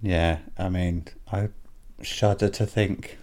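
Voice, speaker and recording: A man in relaxed podcast chat, with a very low voice. He sounds dry and laid-back and teases his co-host. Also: takes it slowly. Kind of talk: casual chat.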